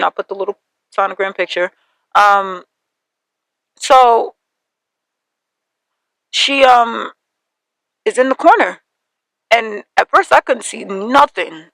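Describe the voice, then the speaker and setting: A young woman hosting a podcast, telling a personal story in an animated way and acting out the voices of her family. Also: mid-range voice, creaky, dry recording, low-quality recording. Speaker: podcast host.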